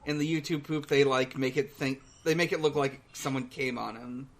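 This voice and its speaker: A man co-hosting a podcast in casual chat, recapping a cartoon in a hesitant, halting way full of pauses. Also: medium pitch, steady tone, a little hiss or hum. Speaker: podcast co-host.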